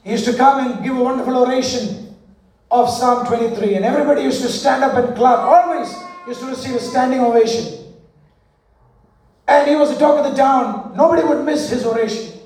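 Preacher guy with a really high voice, telling stories, big echoey church sound. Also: fairly even intonation, fairly quick, darkish tone. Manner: preaching with call-and-response and storytelling. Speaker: pastor. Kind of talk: sermon. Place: large church hall. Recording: echoey hall, voice from far off. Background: congregation responding.

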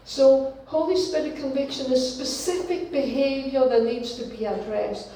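Woman giving a sermon, slow and steady, mellow voice, heard far off in a big echoey room. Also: high voice. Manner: slow, deliberate teaching with repeated phrases. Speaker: preacher.

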